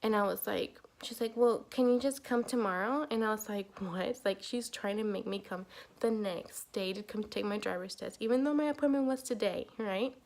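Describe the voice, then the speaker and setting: Chatty woman with a gravelly edge. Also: medium pitch, a little fast, darkish tone. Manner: chatty, exasperated retelling with lots of "like" and "you know what I mean". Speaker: vlogger. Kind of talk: casual storytime vlog.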